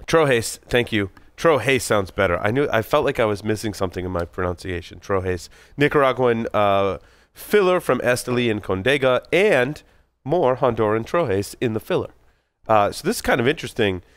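A man's voice: mid-range voice, lively intonation, normal speed, dry recording. A man co-hosting a casual chat, talkative and self-deprecating, tripping over hard names. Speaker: podcast co-host.

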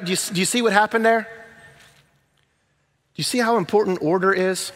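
A middle-aged man preaches with a slightly raised pitch. He moves between animated storytelling and quiet, slowed-down emphasis. His voice rings in a long hall reverb. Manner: animated storytelling with sudden hushed, slow emphasis. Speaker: pastor. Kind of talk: sermon.

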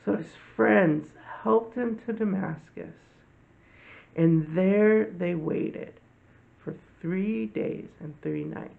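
A man hosting a children's church lesson, telling a Bible story slowly and gently to kids. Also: sits high, gravelly. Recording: tinny phone-like audio.

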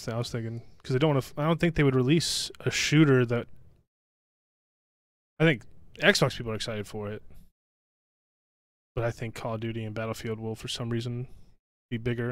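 A man's voice: mid-range voice, fairly even intonation, fast talker, pauses often, no echo. A man with a mid-range voice talks bluntly on a casual gaming podcast and swears freely. He speaks in an easygoing, offhand way. The mic is close and the sound is dry. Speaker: podcast co-host. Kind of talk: casual chat.

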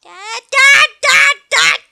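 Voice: fairly even intonation, drawn-out words, gravelly, bright, forceful tone, full character voice. A young gamer voicing a scared little boy who keeps crying out for his dad. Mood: wailing. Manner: shrill, pleading wails.

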